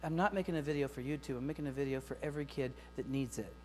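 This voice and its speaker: A middle-aged man giving a lively, joking keynote talk to teachers, speaking straight to the audience. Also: mid-range voice, racing. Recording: long hall reverb with faint mains hum.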